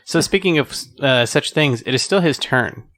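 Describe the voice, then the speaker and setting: A man's voice: medium pitch, lively intonation, moderate pace, fairly bright tone. A man playing in a tabletop game, wry and sure of the rules. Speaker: player. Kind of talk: casual tabletop game chat.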